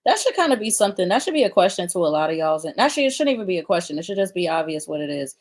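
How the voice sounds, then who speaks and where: A woman's voice: fairly low pitch, sing-song, very fast. Blunt, sarcastic woman commentator. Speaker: commentary host. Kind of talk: reaction commentary.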